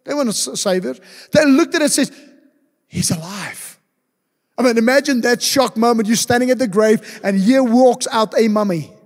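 A man's voice: extremely high pitch, a little fast. A man preaching a sermon as pastor, emphatic, asking rhetorical questions and repeating key words. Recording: long church-hall reverb.

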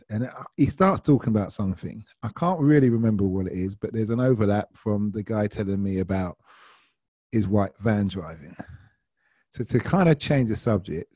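A man's voice: on the low side, dark tone, no echo. A man from South London with a London accent, a ride-hail driver telling a story in a casual, slangy way. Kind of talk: anecdotal storytelling.

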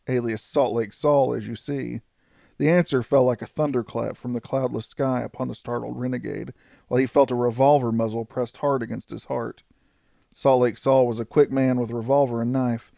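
A man reading an audiobook in a steady, even way. His voice has a gravelly texture, and the recording is close and dry with no room sound. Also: mid-range voice, moderate pace, no room sound. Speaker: audiobook narrator. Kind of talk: audiobook narration.

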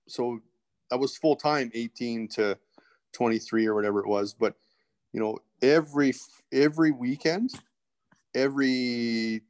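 A man's voice: medium pitch, darkish tone. Candid rambling man. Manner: candid, rambling with many restarts and asides. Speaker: podcast guest. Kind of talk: casual interview storytelling.

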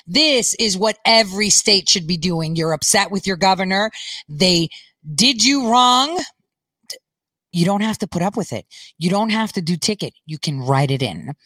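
A woman's voice: medium pitch, animated, unhurried, sharp tone, dry recording. A middle-aged woman hosting a podcast, giving rambling, chatty political commentary and laughing often. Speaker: podcast host.

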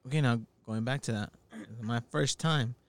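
A man's voice: mid-range voice, normal speed. A young man in casual podcast chat, joking and loose with slang.

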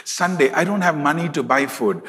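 A tearful young churchwoman with a forceful, bright edge to her earnest words, as a preacher retells her in his own voice. She speaks plainly and sincerely, a touch lower than the preacher's usual pitch. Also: animated, normal speed.

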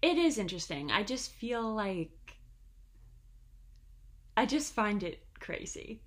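A woman's voice: mid-range voice, big pitch swings, slow pace. A young woman co-hosting a podcast in casual chat, hedging often with "like" and "I don't know". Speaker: podcast co-host.

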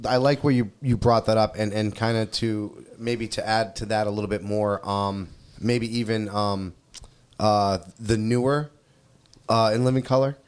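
A man co-hosting a podcast in casual chat, excitable and repetitive, sometimes breaking into snippets of songs. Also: lowish voice, a little slow, clean tone. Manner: excitable, repeats himself, bursts into song snippets. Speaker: podcast co-host.

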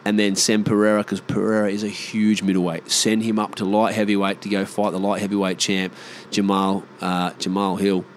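An Australian man in casual monologue, rambling and swearing, often animated. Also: fairly low pitch, moderate pace, few pauses, a little hiss or hum.

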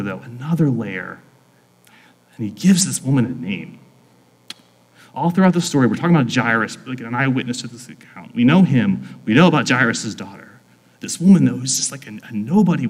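Earnest male preacher in a reverberant hall. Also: mid-range voice. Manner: earnest, informal, frequent "like" fillers. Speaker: pastor. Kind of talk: conversational sermon.

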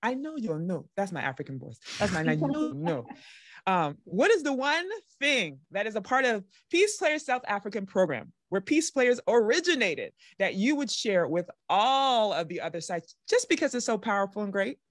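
A woman's voice: medium pitch, sing-song, moderate pace, no echo, clean studio sound. A woman hosting a podcast interview, affirming her guest often and asking questions playfully. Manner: affirming, with frequent "right" and playful laughs. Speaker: podcast host.

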